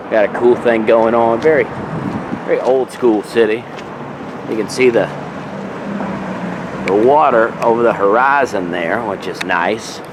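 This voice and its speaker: A man and touring comedian talking offhandedly and rambling in a casual vlog as he walks outdoors through a city. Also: lowish voice. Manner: offhand and rambling, self-mocking. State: out of breath. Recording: street noise behind. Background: traffic and city noise.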